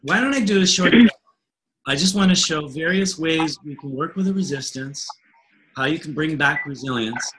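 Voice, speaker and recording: A man's voice: fairly high pitch, moderate pace, noisy background. A man leading a webinar as a coach, talking casually and acting out dialogues with clients. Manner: animated, acts out client dialogue, laughs often. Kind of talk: casual teaching talk.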